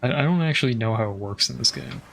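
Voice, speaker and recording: A man's voice: mid-range voice, lively intonation, fast, creaky, a bit bright, slight background noise. A man casually commenting on his game as he plays, thinking aloud, swearing often and trailing off with fillers. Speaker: streamer.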